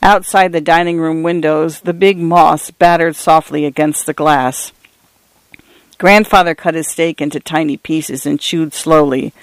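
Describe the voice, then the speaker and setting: A man narrates an audiobook in a steady, even storytelling manner. His voice sits a little higher than most men's. The recording is close and dry with no room echo. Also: measured pace, smooth. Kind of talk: audiobook reading.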